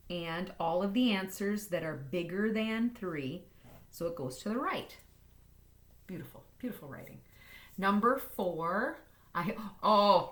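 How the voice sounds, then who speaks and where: With a lowish voice and a quick, cheerful delivery, a woman teaching math goes through inequality problems in a recorded lesson, keeping things playful.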